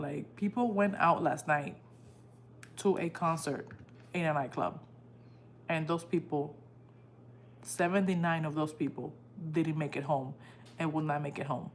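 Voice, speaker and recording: A woman tells a personal story on her live stream in a casual, heartfelt way. She acts out what others said in lively bursts. Her voice sits a bit low, with a faint steady hum in the background. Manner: animated, emotional retelling that acts out quoted dialogue. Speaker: livestream host.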